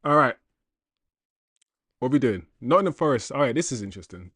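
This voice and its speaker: A young man hosting a casual football livestream, reading viewer comments with slangy, animated chatter and laughter. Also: mid-range voice, fairly quick, breathy edge, no room sound, studio quality.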